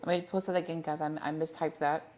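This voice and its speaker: A woman's voice: sits low, flat delivery, fast talker, a little mellow. Rambling woman on a livestream. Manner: rambling, stumbling over words, self-correcting. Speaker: livestream host. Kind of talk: casual livestream Q&A chat.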